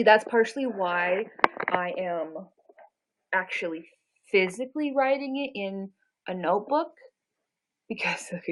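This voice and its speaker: A woman's voice: medium pitch, poor audio. A woman in her twenties chatting casually on a live stream, self-deprecating and full of fillers. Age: 20s. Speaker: livestreamer.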